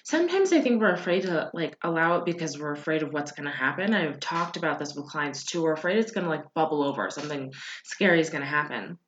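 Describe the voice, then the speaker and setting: A woman's voice: low voice, expressive, fast talker, hardly any pauses, a little hiss or hum. A woman hosting a podcast, talking casually and earnestly to listeners, reassuring them and often checking in with "right?". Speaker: podcast host and coach. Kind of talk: casual motivational talk. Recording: roomy, dull lo-fi sound.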